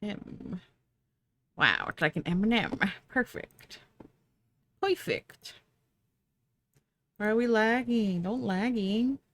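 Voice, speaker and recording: A woman's voice: mid-range voice, measured pace, slight background noise. A young woman streaming live, chatting casually with viewers while she draws, sleepy and yawning. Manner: chatty, bubbly, talks to chat and herself.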